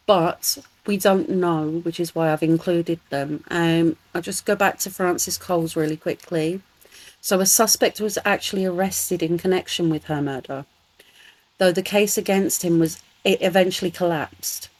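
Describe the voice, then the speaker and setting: A woman with a London accent, co-hosting a podcast, earnest and relaxed as she talks through case details. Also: fairly low pitch, normal speed, rough recording. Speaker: podcast co-host. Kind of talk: casual chat.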